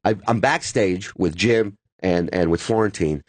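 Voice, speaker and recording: A man who is a stand-up comedian, telling an animated story in casual chat. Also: sits low, a little slow, no room sound. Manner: animated storyteller with many quoted voices.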